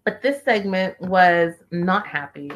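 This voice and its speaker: Woman, casual recap host, lower pitch, opinionated and chatty. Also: lively intonation, slow pace. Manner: chatty and opinionated, reads viewer comments aloud.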